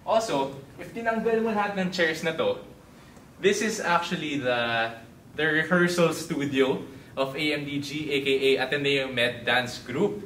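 A man's voice: on the high side, lively intonation, moderate pace, fairly bright tone, slight background noise. A young Filipino man, a medical student, leading a casual tour of his school in English mixed with Tagalog, chatty and playful. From Philippines. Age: young adult. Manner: chatty and playful, with easy asides. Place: indoor school hall and labs. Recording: echoey room from a distance.

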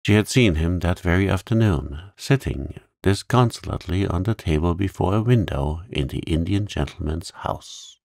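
A man narrating a calm bedtime story in a gentle, soothing way. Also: low voice, normal speed, creaky, hardly any pauses, no echo, studio quality.

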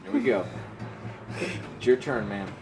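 Calm man running a tabletop game. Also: measured pace, highs cut off, soft background music. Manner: calm, low-key narration that prompts the players. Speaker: game master.

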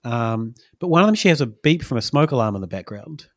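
A man's voice: medium pitch, animated, quick pace. A man, a podcast host rambling through stories with small chuckles. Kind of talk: casual chat.

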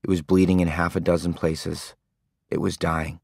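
A man with a very low voice reads an audiobook in a calm, understated manner. He sounds close and dry, as if recorded in a quiet studio booth. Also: moderate pace, creaky, husky, no room sound. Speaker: audiobook narrator. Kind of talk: scripted narration.

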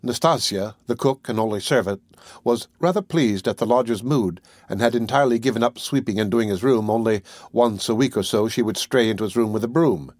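A man reading a classic novel aloud as an audiobook narrator, in a measured, even manner. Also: fairly low pitch, dry recording, studio quality.

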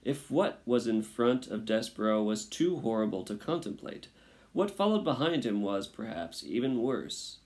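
A man reading a children's storybook aloud in a slow, dramatic, sometimes hushed way. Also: medium pitch, very animated. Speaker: audiobook narrator.

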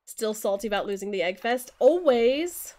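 A young adult woman chatting casually while streaming a co-op game, excitable, swearing and tripping over her words. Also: a little high, normal speed. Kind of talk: casual co-op gaming chat.

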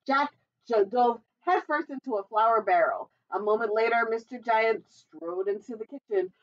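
A woman's voice: fairly high pitch, moderate pace, recorded from a distance, lo-fi sound. A woman librarian reading a picture book aloud at storytime, adding chatty asides to the children.

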